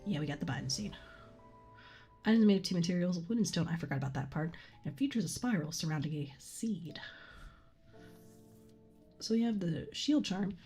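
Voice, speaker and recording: A soft-spoken woman streaming a game from a room at home, often dropping to a whisper as she reads game text, a little congested from a cold, on a condenser desk mic. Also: fairly low pitch, expressive, moderate pace, long pauses, slightly rough, faint music behind. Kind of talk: let's play commentary and reading game text.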